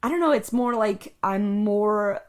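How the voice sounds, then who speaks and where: A woman's voice: mid-range voice, a little slow. A young woman co-hosting a podcast, talking in a rambling, earnest way with many "like"s, into a podcast mic. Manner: rambling, full of "like", soft and earnest. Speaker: podcast co-host. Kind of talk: casual chat. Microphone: podcast microphone.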